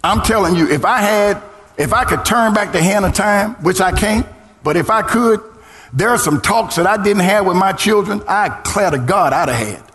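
Man, pastor, sermon, high voice, sing-song shouting, call and response, long church reverb. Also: animated, normal speed. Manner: preaching with rising sung shouts, call and response.

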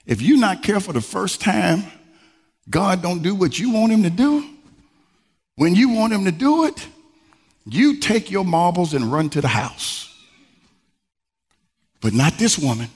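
A male pastor preaching a sermon in a style, swinging from low murmurs to high exclamations. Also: animated, unhurried, pauses often. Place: church sanctuary. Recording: long reverb from a large church hall.

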